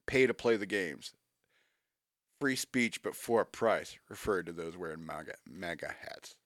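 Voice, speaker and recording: A man's voice: lowish voice, lively intonation, moderate pace, no room sound, studio quality. A man hosting a radio show, reading news items aloud and adding wry, joking asides in casual banter.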